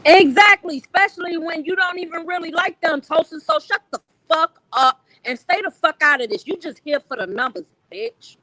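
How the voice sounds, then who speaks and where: A blunt woman on a livestream panel, scolding hard and cursing freely. Her voice is high and bright. The sound is dry and close. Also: normal speed, few pauses, no room sound, rough recording. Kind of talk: casual chat.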